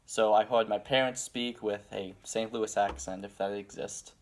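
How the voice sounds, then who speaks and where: A man's voice: fairly low pitch, fairly even intonation, moderate pace. A young man from Pittsburgh with a Pittsburgh accent, chatting casually as a podcast co-host in a rambling, hesitant way. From Pittsburgh, Pennsylvania. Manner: rambling, hesitant, with many fillers. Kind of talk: casual chat.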